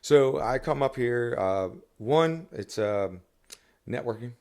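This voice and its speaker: A man's voice: medium pitch, lively intonation, takes it slowly, darkish tone, clear, resonant tone. A man talking as a songwriter guest on a podcast, rambling casually with many restarts and fillers.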